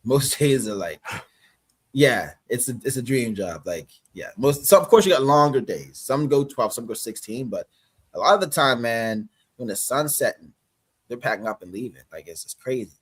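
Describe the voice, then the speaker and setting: Husky Canadian man, casual. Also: medium pitch, lively intonation, normal speed, fairly bright tone. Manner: loose, rambling, many fillers. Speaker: actor guest. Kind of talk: casual interview chat.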